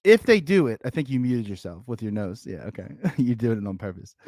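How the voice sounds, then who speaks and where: Man, philadelphia accent, sports podcast co-host, lively swinging pitch, dry close sound. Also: a little fast, dry recording. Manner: animated, profane, emphatic. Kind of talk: casual sports chat. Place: remote call.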